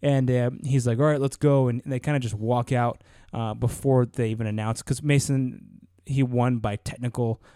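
A man co-hosts a podcast, rambling keenly through a chat. His tone is warm and mellow. The sound is dry and close. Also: mid-range voice, fairly even intonation, moderate pace, few pauses, dry recording. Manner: rambling, many fillers and restarts, enthusiastic. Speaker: podcast co-host. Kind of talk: casual chat.

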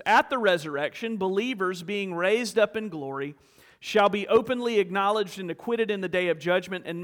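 A man's voice: high-pitched, big-room sound. A man preaching a sermon in a church, telling a story with earnest rhetorical questions. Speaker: pastor. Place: church sanctuary.

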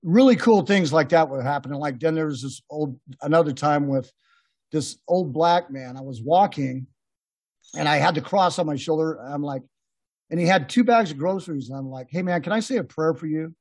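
A man's voice: fairly high pitch, normal speed, slightly rough, no room sound. A man hosting a podcast, telling rambling, laughing anecdotes in a casual chat with many restarts. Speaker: podcast host. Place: podcast room.

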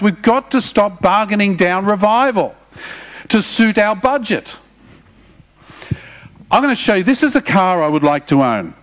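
A middle-aged man preaching, his voice pitched high for a man. He talks to the congregation in a relaxed, conversational way and slips in humorous asides. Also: normal speed. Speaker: pastor. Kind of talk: sermon.

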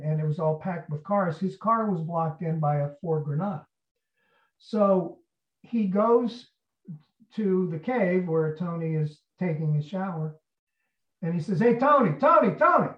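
A male actor and interview guest telling an anecdote in a lively way, acting out the people in it. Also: a little high. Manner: animated, acts out quotes. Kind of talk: storytelling in an interview. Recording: roomy, distant, dull sound.

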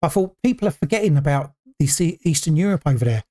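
A man's voice: on the high side, expressive, fast, dark tone. A man co-hosting a podcast in casual chat, laid-back and slangy, teasing his co-host.

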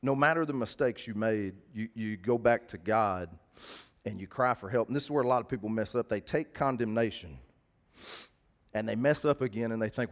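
A man's voice: medium pitch, a little fast. A middle-aged man preaching a sermon, talking straight to his congregation in a folksy way. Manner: folksy, talks to congregation directly.

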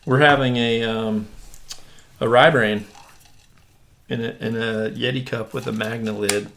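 A man hosting a casual podcast, talking in a relaxed, rambling way with many fillers and restarts. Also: medium pitch, unhurried, background noise. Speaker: podcast host. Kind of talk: casual chat.

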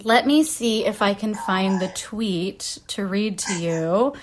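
A woman's voice: medium pitch, slow, slight background noise. Laughing, candid woman podcaster. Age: 30s. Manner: candid storytelling with frequent likes and laughs. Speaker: podcast host. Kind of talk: casual podcast chat.

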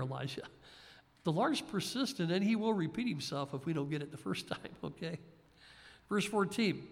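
A man preaching a sermon in a conversational, folksy way, with frequent asides to his listeners. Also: fairly high pitch. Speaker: pastor. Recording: long hall reverb.

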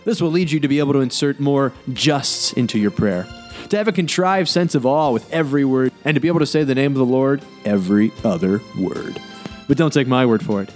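A man voicing the announcer of a mock infomercial, with a salesy, booming pitch. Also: fairly quick, soft background music, lightly acted. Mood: pitchy. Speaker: announcer in a parody ad.

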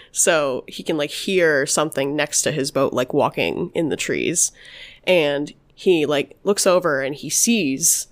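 A woman hosting a casual podcast, telling paranormal stories in a rambling way, full of "like" and "obviously". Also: low-pitched. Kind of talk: casual storytelling chat.

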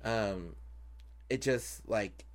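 A man's voice: lowish voice, drawn-out words. A man hosting a podcast in casual chat, talkative with frequent fillers and easy laughs. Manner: chatty, many fillers, laughs often. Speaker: podcast host and drag performer.

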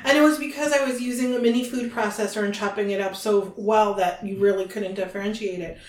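A woman's voice: medium pitch, steady tone, a little fast, reverberant, rough recording. A woman co-hosting a podcast in casual, teasing chat that is often broken up by laughter. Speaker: podcast co-host.

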